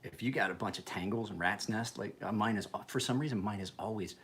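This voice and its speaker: A man's voice: fairly low pitch, brisk, fairly bright tone. A man in his forties ranting casually in a home vlog, heated and full of profanity. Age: 40s. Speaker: knife sharpener vlogger.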